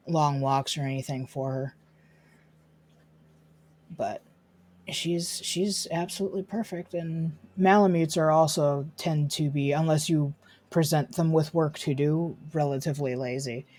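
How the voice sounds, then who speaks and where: Low-voiced woman streamer baby-talking her dog. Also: measured pace, long pauses, a little mellow, a little hiss or hum. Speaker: game streamer. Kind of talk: casual chat while streaming. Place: at her desk at home.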